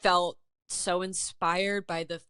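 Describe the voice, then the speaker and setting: A young woman chatting as a guest in a casual interview, telling a story with animated acted-out quotes. Her voice sits somewhat low and sounds dry and close. She says "like" over and over. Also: takes it slowly, smooth, no room sound. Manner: animated, heavy use of "like", acts out quotes. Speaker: interview guest, artist and writer.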